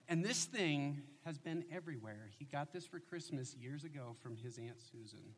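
A man in his forties preaching a sermon as a pastor, telling family stories in an animated, joking way. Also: a little high, normal speed, few pauses, slight background noise.

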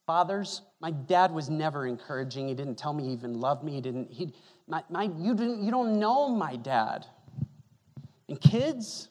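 A man preaching a sermon as pastor, animated and joking, moving from loud bursts to hushed asides. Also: fairly high pitch, normal speed. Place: church hall. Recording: long reverb of a hall.

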